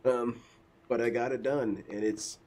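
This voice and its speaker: A man's voice: mid-range voice, fairly even intonation, measured pace, darkish tone. A man chatting casually as a guest, rambling and self-deprecating with lots of fillers. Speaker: podcast guest, mod maker. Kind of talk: casual chat.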